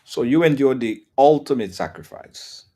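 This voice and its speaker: A man's voice: mid-range voice, expressive, normal speed, dark tone. A man hosting an interview, responding sympathetically and asking follow-up questions. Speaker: host.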